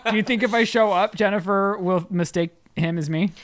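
A man's voice: high-pitched, fairly quick, slight background noise. Wry man co-hosting a podcast. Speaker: podcast co-host. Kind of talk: casual chat.

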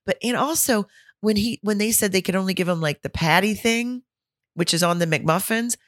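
A woman co-hosting a podcast, chatting casually in an animated, laughing way. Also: medium pitch, moderate pace, dry recording, studio quality. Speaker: podcast co-host. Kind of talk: casual chat.

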